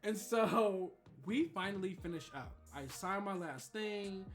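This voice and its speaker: A man streamer telling a funny story in a casual, animated way, with frequent laughter and swearing. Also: high-pitched, a little slow.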